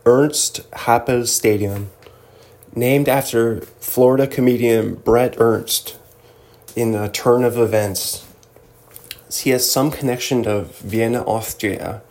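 A man's voice: mid-range voice, fairly even intonation, slow, a little mellow. A man hosting a casual solo show, rambling and joking as he reads through a list, now and then slipping into silly mock voices. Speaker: podcast host.

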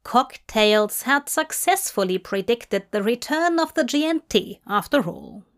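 A woman narrating a fanfic in a slow, measured reading. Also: fairly high pitch, lively intonation. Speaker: fanfic reader. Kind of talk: scripted narration.

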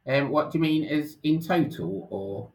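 A middle-aged man speaking as an interview guest, relaxed and casual, with many hesitant ums. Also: a little high, normal speed, rough recording. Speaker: guest, financial planner.

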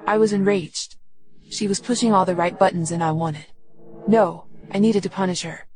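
A woman giving steady, unhurried first-person audiobook narration. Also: mid-range voice, a little hiss or hum, rough recording.

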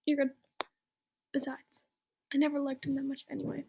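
A woman voicing a grumpy, mean old male wizard headmaster in whispered role-play, her voice soft and scornful. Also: sits high, monotone, normal speed, creaky.

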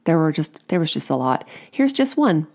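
A woman's voice: low-pitched, sing-song, moderate pace, darkish tone. A woman in her forties hosting a podcast, reading a funny personal parenting story aloud with chatty, wry asides and laughing at her own jokes.

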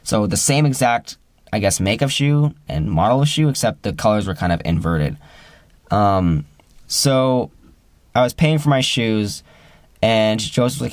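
A man's voice: animated, measured pace, dry recording. Rambling young man telling a story. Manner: rambling, with many fillers and restarts; acts out quoted friends with rising pitch. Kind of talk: casual personal storytelling.

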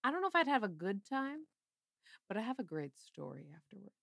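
A woman co-hosting a podcast in casual chat, animated and quick to laugh, sometimes dropping into vocal fry. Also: mid-range voice, no echo, clean studio sound. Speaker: podcast co-host.

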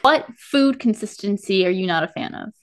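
A woman hosting a podcast interview, talking casually in an expressive, playful way. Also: medium pitch, normal speed. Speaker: podcast host.

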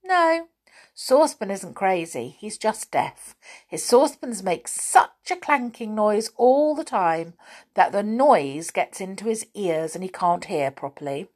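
A woman's voice: medium pitch, lively intonation, unhurried. A woman reading a patient, friendly boy.

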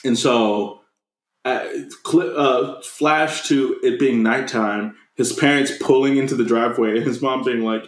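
Speaking a little slowly in a medium pitch, this man co-hosts a casual movie recap podcast, going scene by scene. He curses freely and performs the characters' lines, all captured in a reverberant, low-quality recording.

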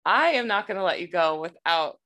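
A woman's voice: lowish voice, lively intonation, fairly quick, bright, forceful tone. A woman hosting a podcast, thanking her guest and leading into a closing segment in an encouraging way. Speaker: podcast host. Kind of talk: casual podcast conversation.

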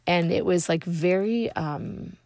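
A woman with a low, gravelly voice tells a personal faith story in an earnest, halting way. She often pauses and restarts as she looks for words. The sound is close and dry. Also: darkish tone, no echo. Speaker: speaker sharing a personal story.

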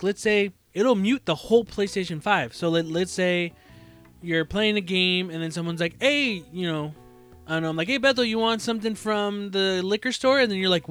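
A man with a fairly high voice hosts a casual gaming chat. He talks loosely, swears freely and acts out small back-and-forths. Faint music plays underneath. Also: a bit bright. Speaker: podcast host.

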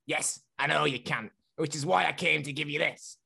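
A man's voice: fairly high pitch, steady tone, moderate pace, gravelly, sharp tone, exaggerated voice. A man voicing a brash, swearing male football boss who laughs through his lines. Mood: boastful.

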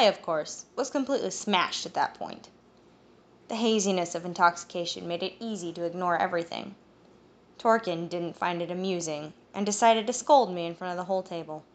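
A woman's voice: on the low side, normal speed. Female audiobook narrator reading a novel. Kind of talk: first-person novel reading.

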